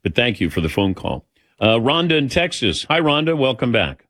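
Lively, animated male radio host. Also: medium pitch, moderate pace, no room sound. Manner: animated, self-deprecating, rambling. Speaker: radio show host taking callers. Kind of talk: casual talk radio chat.

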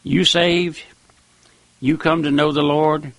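A man's voice: a little high, little pitch movement, takes it slowly, no echo. A man preaching a sermon in an emphatic old-time style, repeating phrases for weight.

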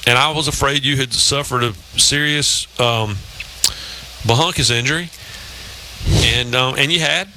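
A man's voice: medium pitch, unhurried, long pauses, sharp tone, slight background noise, low-quality recording. A man in his fifties hosting a sports talk show, telling long rambling anecdotes in casual chat. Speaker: radio show host.

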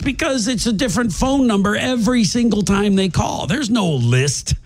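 A man's voice: high voice, animated, normal speed, breathy edge. A middle-aged man telling a story in casual chat, laughing and acting out the people he quotes.

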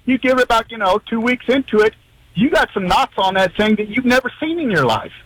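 Rambling folksy man, higher voice. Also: very animated, a little fast, a bit bright, no room sound, poor audio. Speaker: caller. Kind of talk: call-in rant.

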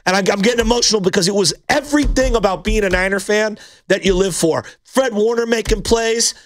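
A man's voice: high voice, brisk, no echo. A man hosting a sports talk show, talking in a rambling, passionate way with frequent restarts. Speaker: sports radio host.

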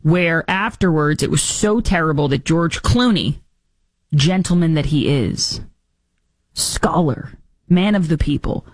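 A woman's voice: lively intonation, a little slow, no echo. A woman hosting a talk show, giving mocking, sarcastic political commentary with theatrical asides. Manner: mocking, theatrical, does squeaky impressions.

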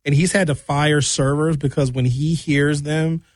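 A man's voice: fairly high pitch, fairly even intonation, unhurried, no echo, clean studio sound. A man delivering an opinionated, mocking rant as a monologue. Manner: ranting, mocking. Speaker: commentator.

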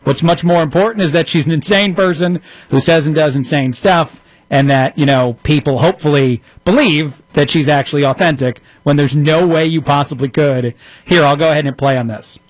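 A man runs a political commentary show, sarcastic and mocking as he reacts to clips. His voice sits a little high. The sound is dry and close. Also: normal speed, dry recording, poor audio.

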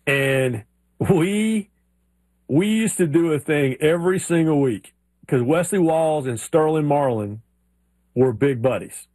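A man co-hosting a sports radio show, an animated storyteller who slips into drawling voices. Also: fairly high pitch, takes it slowly, no echo. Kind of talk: casual sports chat.

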